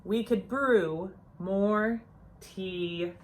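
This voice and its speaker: A woman's voice: mid-range voice, extremely slow, slight background noise, pitched below the performer's own voice. A woman voicing a small kind mouse who soothes and reassures, in a storybook read-aloud. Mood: reassuring.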